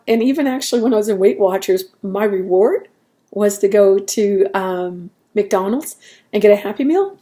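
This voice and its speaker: A woman's voice: mid-range voice, mellow. A woman talking in a casual, rambling way at home, laughing at herself as she goes. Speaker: vlogger. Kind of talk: casual chat.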